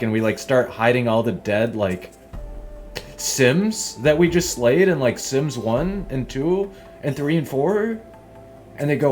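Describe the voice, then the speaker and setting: A man's voice: mid-range voice, expressive, measured pace, soft background music. A young man giving casual gameplay commentary as a streamer, rambling and swearing, and laughing often at his own tangents. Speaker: gaming streamer.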